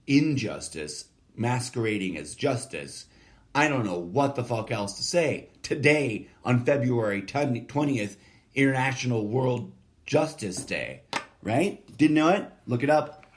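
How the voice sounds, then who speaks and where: A man's voice: medium pitch, lively intonation, unhurried. A man hosting a solo podcast, talking in a profane, sardonic, rambling monologue that keeps wandering off topic. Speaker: podcast host.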